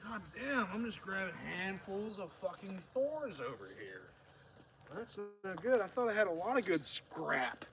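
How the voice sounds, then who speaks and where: A man's voice: high voice, sing-song, unhurried. A tipsy man streaming live outdoors by a campfire, talking in a rambling, profane, casual way. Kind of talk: casual livestream chat.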